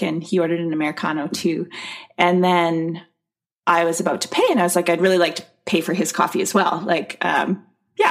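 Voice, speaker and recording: A woman, a guest telling a story in casual conversation, laughing often and acting out what people said. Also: on the low side. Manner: animated, laughing storyteller who acts out quotes. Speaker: guest, nutrition and wellness consultant.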